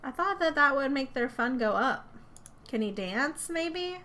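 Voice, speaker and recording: Slow, chatty woman talking to her game. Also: high-pitched, animated, pushed and bright. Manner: chatty, talks to her game characters and laughs often. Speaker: gaming channel host. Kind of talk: casual let's play commentary.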